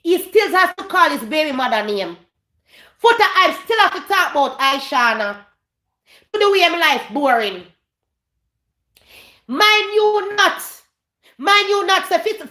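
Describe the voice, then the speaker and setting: A Jamaican woman with a high, bright voice rants through a gossip commentary vlog, hammering her points by repeating them. She drifts between English and Patois. The sound is roomy and echoey. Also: sing-song, a little slow, pauses often. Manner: emphatic, repeats phrases, slips into Patois. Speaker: vlogger host.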